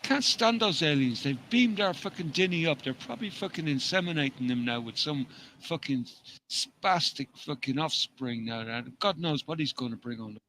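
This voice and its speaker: A man's voice: fairly high pitch, animated, normal speed, few pauses, bright, forceful tone, a little hiss or hum, rough recording. A man co-hosting a casual live chat, foul-mouthed and mocking, laughing at his own jokes. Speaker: co-host.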